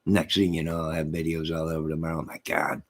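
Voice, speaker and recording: Deep, husky-voiced man, live stream host, rambling casual chat with viewers, repeats himself. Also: monotone, fast talker.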